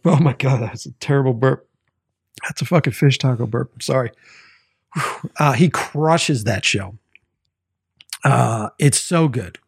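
Gravelly-voiced man, rambling podcast chat. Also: medium pitch, a little slow, pauses often, no echo, studio quality. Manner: rambling, profane, many fillers. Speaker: podcast host. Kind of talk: casual solo podcast chat.

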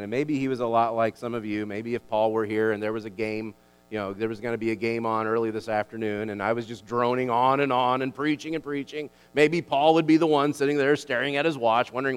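A male pastor delivering a sermon in an emphatic, animated way, stumbling and restarting as he builds his points. His voice sits at an ordinary middle pitch. A long reverb trails behind him, as in a church sanctuary. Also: brisk, clear, resonant tone.

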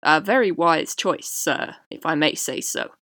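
A woman's voice: sits low, expressive, measured pace, a bit bright, dry recording, studio quality, exaggerated voice. A woman voicing a polite talking cow that offers itself as dinner, courteous and ingratiating.

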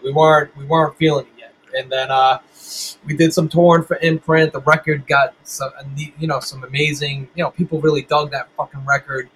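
A man's voice: on the high side, fairly bright tone, breathy edge, low-quality recording. A middle-aged man and band musician, telling stories in a casual interview with lots of swearing and rambling restarts.

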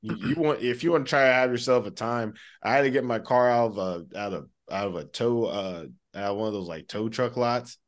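A man's voice: medium pitch, fairly quick, few pauses. A man co-hosting a podcast, telling stories in casual chat, laughing often and swearing freely. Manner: laughing, animated storytelling, heavy swearing. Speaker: podcast co-host.

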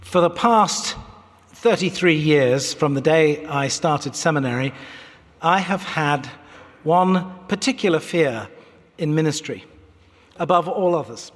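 A man's voice: a little high, slow pace. A British man in his fifties preaching an earnest, articulate sermon from a church pulpit, with wry asides. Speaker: pastor. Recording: echoey church hall.

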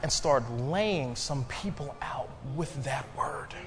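Animated male preacher in a reverberant church. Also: fairly high pitch, background noise. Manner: preaching with rising emphasis and call-and-response pauses. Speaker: pastor. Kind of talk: sermon. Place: church sanctuary.

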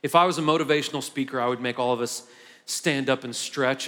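With a sharp tone and a slightly fast pace, a mid-range male pastor preaches to a sanctuary full of long reverb. He eases in conversationally before reaching impassioned heights.

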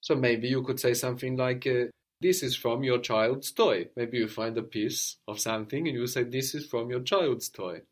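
Patient male language teacher. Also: medium pitch. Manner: patient, drawn-out model phrases. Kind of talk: guided language lesson.

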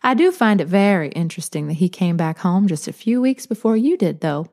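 A woman's voice: fairly low pitch, expressive, brisk, a little mellow. Woman doing a teasing old grandmother. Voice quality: soothing, drawling.

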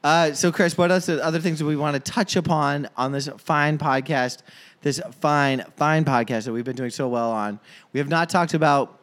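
A man's voice: on the high side, fairly even intonation, moderate pace, fairly bright tone. A man co-hosting a podcast, chatting casually about football and often trailing off mid-sentence. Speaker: podcast co-host. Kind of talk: casual sports chat.

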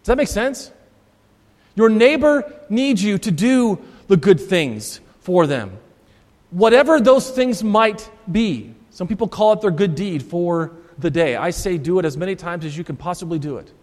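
A male Lutheran pastor preaching a sermon, emphatic and repeating his key phrases for stress. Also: high voice. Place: church sanctuary. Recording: long church reverb.

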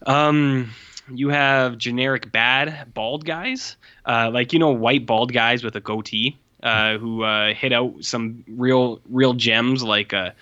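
A man co-hosting a casual movie review chat, animated, swearing freely and acting out lines from the film. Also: mid-range voice, normal speed. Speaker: podcast co-host reviewing movies. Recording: muffled lo-fi sound.

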